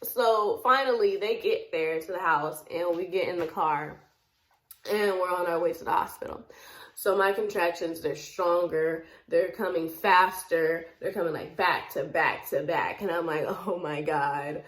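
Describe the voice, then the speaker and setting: Young woman telling a lively story in an echoey room. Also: fairly low pitch, measured pace. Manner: animated, laughs often while telling, acts out quoted lines. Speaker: vlogger. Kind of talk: casual storytelling.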